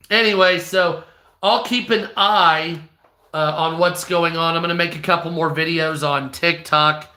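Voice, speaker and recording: A man with a hoarse, strained voice, talking bluntly and profanely in a rambling vlog monologue. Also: on the high side, sharp tone, roomy sound. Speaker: online video creator. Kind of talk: casual ranting monologue.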